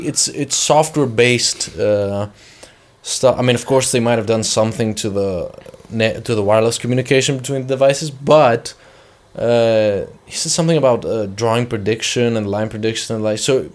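A man's voice: mid-range voice, normal speed. Rambling, joking man co-hosting a tech podcast. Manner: joking, rambling, trails off mid-sentence. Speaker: podcast co-host. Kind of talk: casual chat.

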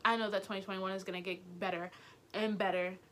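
A woman's voice: mid-range voice, little pitch movement, quick pace, a bit bright, a little hiss or hum. A woman in her twenties talking earnestly and passionately to camera in a casual vlog book review. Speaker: YouTuber.

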